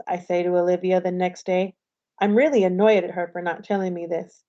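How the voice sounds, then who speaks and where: Reading a novel aloud at a brisk clip, a woman teacher keeps a steady storytelling delivery in a lowish voice. A lo-fi recording slightly dulls her mellow, somewhat dark tone.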